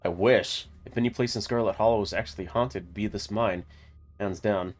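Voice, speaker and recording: A man's voice: on the low side, moderate pace, natural voice. A man voicing a cheerful, morbid young woman ghost hunter who cracks wry jokes.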